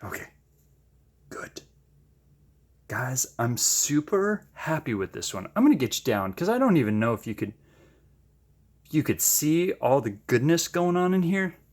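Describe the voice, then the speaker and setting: Excitable man with a wildly swooping pitch. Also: measured pace, long pauses. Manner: excitable, gushing exclamations; chatty, self-deprecating asides. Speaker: paint-pouring channel host. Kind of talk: casual narration while painting.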